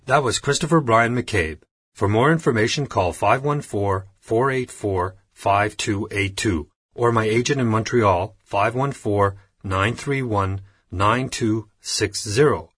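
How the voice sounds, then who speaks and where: A man reading his voice demo, with punchy commercial announcing and a steady narration. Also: lowish voice, unhurried, breathy edge, no echo, studio quality. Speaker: voice actor demo reel.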